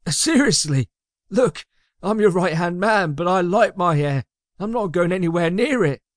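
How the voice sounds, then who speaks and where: Man putting on a squeaky, high-pitched whiny sidekick, panicky, storybook audiobook, dry sound. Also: expressive, a little slow, no room sound. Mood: nervous. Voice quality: high, whining. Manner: panicky, complaining. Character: whiny nervous small henchman man.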